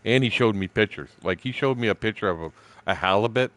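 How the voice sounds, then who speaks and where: A man in his sixties plays a fishing game on stream while chatting, his voice a little low and fairly bright. He talks quickly, rambling through old stories, swearing freely and laughing as he goes, on a dry recording.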